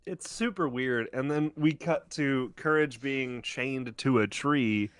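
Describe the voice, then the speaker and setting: A man's voice: medium pitch, slow, clean tone, no echo. A man co-hosting a podcast, casually recapping a cartoon episode in a rambling, explaining way. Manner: rambling, restarts, detailed explainer. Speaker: podcast co-host.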